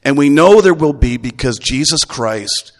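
A middle-aged man, a grandfather, preaching a Sunday sermon in a relaxed, folksy way, full of restarts. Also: medium pitch, a little slow. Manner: conversational, folksy, with repeated restarts. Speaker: pastor. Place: church. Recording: long reverb of a church hall.

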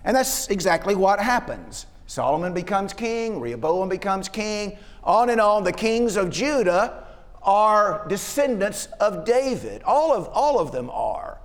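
A man's voice: high voice, big pitch swings, a little slow. A man preaching an expository sermon, walking through a passage verse by verse and asking rhetorical tag questions. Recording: long reverb of a hall.

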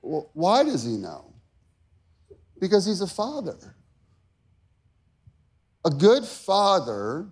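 A man preaching, telling a personal story with strong emotion that builds from quiet talk to shouted peaks. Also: high voice, breathy edge. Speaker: pastor.

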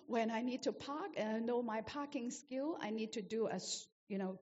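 A woman's voice: a little high, expressive, normal speed, darkish tone, in a large hall, muffled recording. A woman preacher delivering a sermon, emphatic and repetitive, asking the congregation rhetorical questions.

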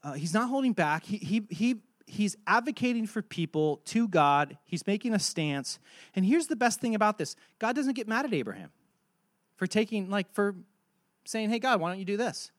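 Man, pastor, sermon, lively delivery, higher voice, dry sound. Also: normal speed, no room sound. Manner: animated preaching, acts out dialogue.

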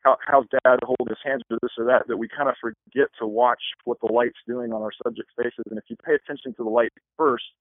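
A man who works as a wedding photographer, answering interview questions in a fast, rambling way with many restarts. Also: medium pitch, steady tone, no echo. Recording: tinny phone line.

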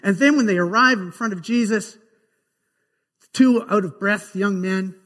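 A man's voice: high-pitched, unhurried, a bit bright, in a large hall. A man preaching a sermon, retelling scripture scenes as a vivid story. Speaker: pastor. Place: church sanctuary.

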